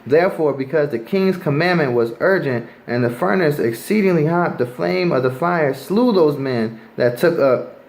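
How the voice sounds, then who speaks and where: Guy preaching from the bible, reads verses out loud, really emphatic, asks lots of questions. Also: on the high side, lively intonation, normal speed, poor audio. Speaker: Bible teacher. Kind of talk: scripture teaching sermon.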